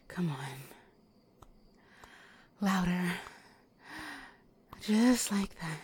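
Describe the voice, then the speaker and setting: A woman in a whispered role-play, teasing and giving commands between breathy whispers and sighs. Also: lowish voice, expressive, extremely slow, long pauses, a little mellow, slight background noise. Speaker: audio role-play performer.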